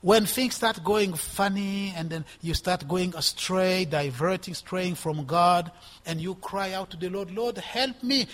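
A man around sixty preaching a sermon in an emphatic manner, repeating words for stress and swinging between loud and soft. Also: high voice, fairly even intonation, a little slow. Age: 60s. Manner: emphatic, rising and dropping in volume, repeating for stress.

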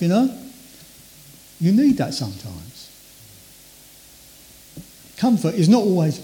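An older man preaching a sermon in a conversational way, acting out inner voices and trailing off softly. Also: fairly high pitch, very animated, unhurried, pauses often.

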